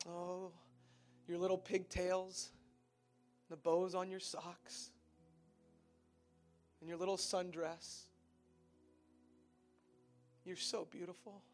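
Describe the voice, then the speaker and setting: A man preaching a sermon, speaking tenderly and pleadingly, often dropping to a soft, quiet voice. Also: sits high, level tone, takes it slowly, pauses often, soft background music. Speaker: pastor.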